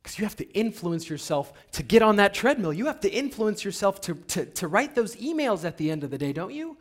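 A man giving a motivational seminar talk to an audience, asking them questions and swinging from hushed whispers to loud, emphatic bursts. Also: sits high, sing-song, a little fast. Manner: addresses the audience directly with rhetorical questions. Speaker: motivational speaker.

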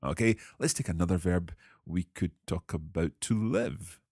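A man hosting a language-learning podcast, explaining grammar in a clear, measured teaching manner. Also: deep voice, a little mellow, no echo, clean studio sound.

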